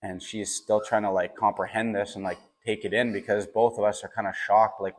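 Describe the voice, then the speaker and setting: A young man telling a personal story in a casual, animated way, with lots of fillers and quoted dialogue. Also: fairly low pitch, a little fast, hardly any pauses.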